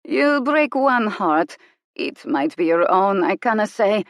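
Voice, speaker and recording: A woman voicing a shrewd middle-aged female fortune teller, speaking slowly and knowingly in a rustic dialect. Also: mid-range voice, very animated, no echo, clean studio sound. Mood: mysterious. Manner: slow, knowing, dialect-tinged speech.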